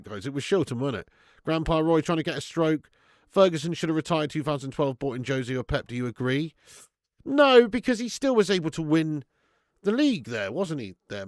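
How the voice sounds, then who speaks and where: During a live football watch-along, a middle-aged man talks excitably, cursing and trading banter with his viewers. His medium-pitched voice is recorded in studio quality with no room sound.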